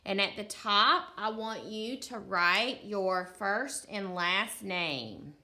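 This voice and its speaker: A woman teaching young children to read walks them through each sound of a word at a very unhurried pace. Her voice is bright and forward, and she keeps offering encouragement. It sounds like a recorded remote lesson. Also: mid-range voice, animated. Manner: slow, deliberate sounding-out of words, encouraging.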